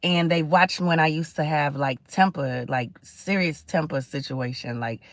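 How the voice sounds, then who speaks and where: A woman's voice: sits low, measured pace, dry recording. A middle-aged woman hosting a casual livestream, talking in a chatty, preachy way and greeting viewers. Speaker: livestream host.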